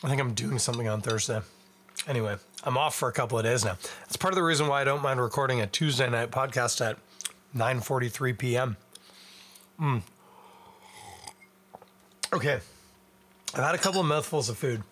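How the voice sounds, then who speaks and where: A young man with a Canadian accent and a bright, forward tone talks at a middling pitch. He hosts a podcast alone and chats in a loose, rambling way, poking fun at himself as he goes. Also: brisk, long pauses. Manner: rambling, self-deprecating, chatty while eating and drinking. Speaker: podcast host. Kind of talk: casual solo podcast chat.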